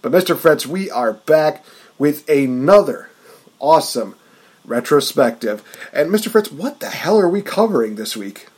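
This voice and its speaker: A man's voice: on the high side, expressive, unhurried, darkish tone, breathy edge. A man hosting a wrestling podcast in a hyped, announcer-like casual chat. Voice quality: hype, announcer-like delivery. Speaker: podcast host.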